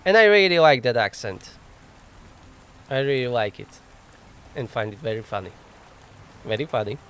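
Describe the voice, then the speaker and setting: A man's voice: medium pitch, big pitch swings, moderate pace, fairly bright tone, slight background noise. A man hosting a casual let's play, thinking aloud as he plays, chuckling often and mocking himself wryly on a desk microphone. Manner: thinks aloud while playing. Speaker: gaming channel host.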